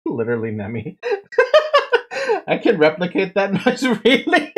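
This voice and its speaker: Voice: medium pitch, wildly swooping pitch, moderate pace, fairly bright tone. A streamer chatting casually and playfully while playing a game, laughing often and swearing.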